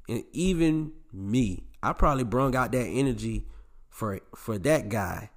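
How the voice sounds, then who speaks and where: A man's voice: mid-range voice, animated, normal speed. Blunt, preachy male podcast host. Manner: blunt, preachy, swears and gets raw; talks straight to his male listeners. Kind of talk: casual podcast monologue.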